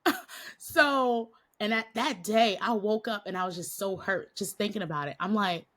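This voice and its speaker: Bright-voiced woman telling a story. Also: mid-range voice, moderate pace. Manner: animated, laughing often, acts out quotes. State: slightly nasal from a cold. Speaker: podcast guest, Christian coach. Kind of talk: casual storytelling interview.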